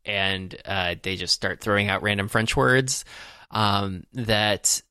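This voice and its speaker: A man's voice: fairly low pitch, steady tone, slow pace, bright, forceful tone, smooth, no room sound, studio quality. A man co-hosting a podcast, talking casually about a comedy film, rambling with lots of fillers and restarts. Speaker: podcast co-host. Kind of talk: casual movie discussion.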